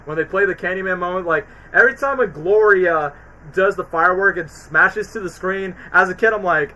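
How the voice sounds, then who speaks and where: A man with a high, bright voice talks on a casual livestream. He rambles eagerly in loose, slangy sentences, piling one thought onto the next. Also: brisk, poor audio. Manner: rambling, excited, slangy retelling. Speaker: streamer reviewing movies.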